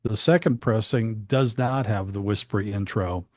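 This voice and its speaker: A man's voice: fairly low pitch, moderate pace, no room sound. A man being interviewed as a guest, telling stories about studio work in a casual, chatty way, with frequent restarts and asides. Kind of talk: casual anecdotal storytelling.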